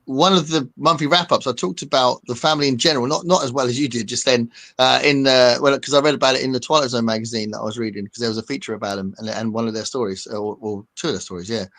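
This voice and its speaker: A man's voice: medium pitch, steady tone, fast, hardly any pauses, a bit bright. A British man hosting a casual livestream chat, rambling along and often ending his points with tag questions. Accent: British English. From Britain. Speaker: livestream host.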